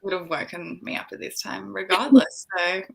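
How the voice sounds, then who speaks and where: A woman's voice: medium pitch, normal speed, gravelly, breathy edge. A young Australian woman chatting casually as a guest on a live book-club stream, saying "like" often. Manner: chatty, lively, says "like" often.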